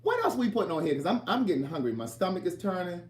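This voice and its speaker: A man's voice: high voice, big pitch swings, quick pace, echoey room. A man hosting a casual cooking livestream from his home kitchen, chatting and teasing viewers as he reads their comments aloud.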